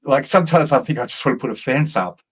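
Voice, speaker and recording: Lively rambling storyteller man. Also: medium pitch, fast talker, husky. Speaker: co-host. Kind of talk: casual chat.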